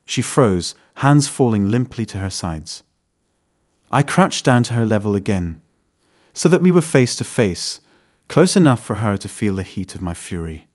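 A man narrating a dramatic first-person story in a measured, scripted delivery. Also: fairly low pitch, animated, darkish tone.

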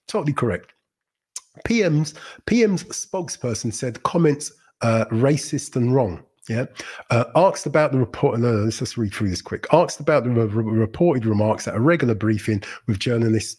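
A man's voice: mid-range voice, lively intonation, moderate pace, a little mellow, husky. A man hosting a livestream, giving blunt, rambling commentary on news articles, often correcting himself and laughing at what he reads. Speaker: livestream host.

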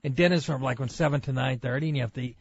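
Middle-aged man, radio co-host, gravelly and a touch husky, rambling self-deprecating storyteller, dry dull studio sound. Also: mid-range voice, racing, no echo. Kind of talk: casual radio banter.

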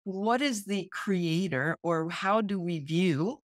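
A woman co-host muses earnestly on a podcast, thinking aloud in an unhurried way. Her voice sits a little low. The sound is close and dry. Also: dry recording. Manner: reflective and earnest, with soft laughs. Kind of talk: casual chat.

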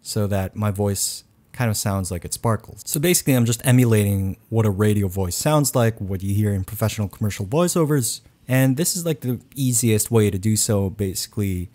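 A man giving a voice-over tutorial in a low, deliberate announcer style, recorded close on a condenser mic in a quiet room at home. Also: lively intonation. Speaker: YouTube tech reviewer.

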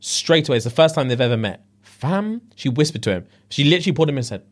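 A man's voice: medium pitch, expressive, fast talker, hardly any pauses. A young man, a podcast co-host recounting a story in slangy casual chat, swearing freely.

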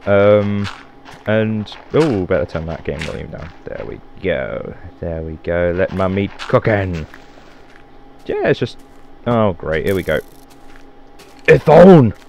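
Low-voiced man rambling over a game. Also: expressive, measured pace, vocal fry, darkish tone, a little hiss or hum. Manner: rambling, swearing, self-mocking. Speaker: gamer. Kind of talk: let's play commentary.

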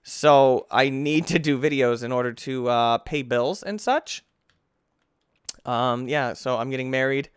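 A young man from the United States giving let's play commentary as a gaming YouTuber, easily frustrated, talking to the game and bursting into yells. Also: medium pitch, measured pace, clear, resonant tone, no echo.

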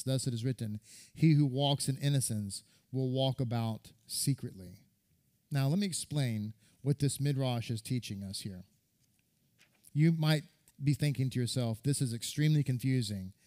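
A man's voice: mid-range voice, normal speed, warm tone. A man, a rabbi, giving a sermon that retells a midrash, reading and quoting scripture and repeating words for stress.

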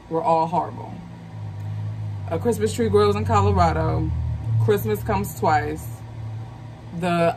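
A woman's voice: medium pitch, slight background noise, low-quality recording. Chatty woman in her thirties. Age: 30s. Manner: chatty, excitable, slangy. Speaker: movie review channel host. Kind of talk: casual chat.

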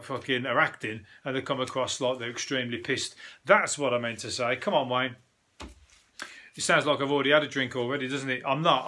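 Rambling, swearing comedian. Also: male voice, on the high side, bright, forceful tone. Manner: rambling, swearing, frequent restarts and self-corrections. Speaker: comedian hosting a news review show. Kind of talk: casual comic monologue.

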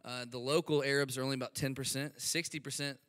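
A man's voice: medium pitch, fairly even intonation, fast talker, a bit bright. Southern man speaking in a reverberant church. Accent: Southern American (Alabama). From Alabama, USA. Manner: eager, chatty, laughs often, many fillers. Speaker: guest speaker, missionary. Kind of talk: sermon introduction. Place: church sanctuary. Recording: long church hall reverb.

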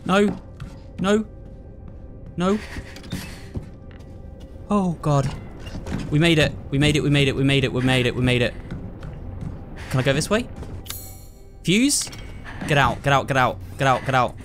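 A man's voice: medium pitch, lively intonation, measured pace, long pauses, a bit bright, faint music behind. Jumpy man narrating a horror game. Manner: jumpy, frightened, talks to viewers. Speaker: gamer.

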